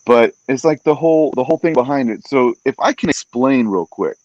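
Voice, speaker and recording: A man who works as a fight announcer, a podcast guest telling stories in a casual, animated way and acting out what other people said. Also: medium pitch, fairly quick. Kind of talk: casual storytelling in a podcast interview. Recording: dull, dry podcast audio.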